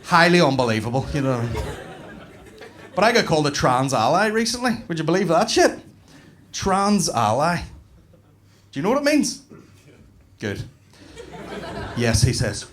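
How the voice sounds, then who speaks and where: A man with a Northern Irish accent doing stand-up on a comedy club stage, telling profane stories with animated bursts. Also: on the high side, moderate pace, pauses often, a little hiss or hum.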